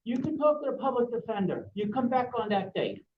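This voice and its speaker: A man's voice: extremely high pitch, very animated, brisk, lo-fi sound. A male court clerk behind a glass window, curtly repeating instructions. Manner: firm, curt, repeating instructions.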